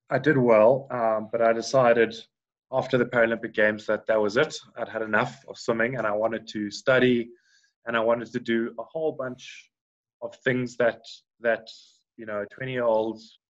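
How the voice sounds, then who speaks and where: A man's voice: medium pitch, little pitch movement, a little slow, long pauses. A man in his thirties from South Africa, a podcast guest who talks in a rambling way, full of restarts and fillers. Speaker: guest, former Paralympic swimmer. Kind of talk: casual podcast interview. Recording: dull lo-fi sound.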